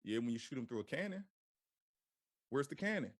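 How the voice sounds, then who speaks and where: A man teaching from scripture in a casual, animated way, repeating phrases and firing off rhetorical questions. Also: mid-range voice, brisk, dry recording, studio quality. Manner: casual slang-laced delivery. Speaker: Bible teacher.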